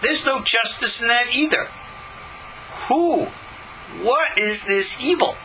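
A bright, emphatic man teaching Torah. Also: very high voice, lively intonation, slight background noise, poor audio. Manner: emphatic, rhetorical questions, dramatic pauses. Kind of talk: live-streamed Torah lesson.

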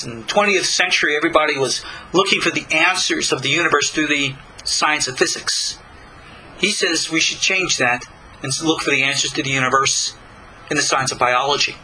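An older man from Long Island, giving a slow, deliberate spiritual lecture with many pauses. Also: on the high side, sharp tone, slight background noise, poor audio. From Long Island, New York. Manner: slow, deliberate, pausing between phrases. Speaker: spiritual teacher.

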